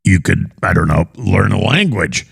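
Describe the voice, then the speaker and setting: A man hosting a comedy talk show, mocking his guests with big swings in pitch. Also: animated, normal speed, creaky, breathy edge, no echo, clean studio sound. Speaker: host.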